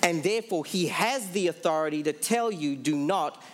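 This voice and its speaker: A man preaching with a high, ringing voice, stretching out the key lines for emphasis. He asks his listeners questions and answers them himself. A faint hum of room noise sits under his voice. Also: fairly quick. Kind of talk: sermon.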